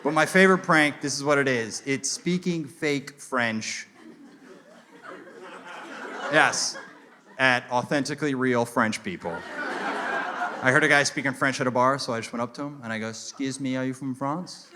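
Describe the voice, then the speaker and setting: A man doing a stand-up comedy set, telling stories in an animated way and acting out people in mock French. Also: medium pitch, normal speed, pauses often. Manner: animated storytelling, acts out characters in mock French. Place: comedy venue with a live audience. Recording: live crowd laughter and room noise. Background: audience laughing.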